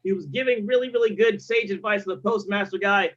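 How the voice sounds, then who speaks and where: High-voiced hype-man comedy host. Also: quick pace, muffled recording. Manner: loud, playful emcee hype. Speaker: show host. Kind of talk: hyping comedians on a live stream.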